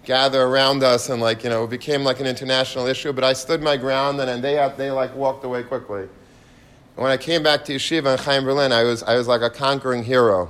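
Man giving a lively Torah talk. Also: mid-range voice, quick pace. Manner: lively storyteller mixing in Yiddish and Hebrew terms. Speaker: Torah speaker. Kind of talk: sermon with storytelling.

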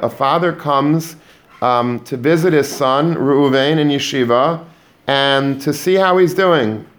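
A man giving a Torah lesson to students, animated, often repeating words and mixing in Hebrew and Yiddish terms. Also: on the high side. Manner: animated, repeats words while building a point. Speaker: Torah teacher. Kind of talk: religious lecture to students.

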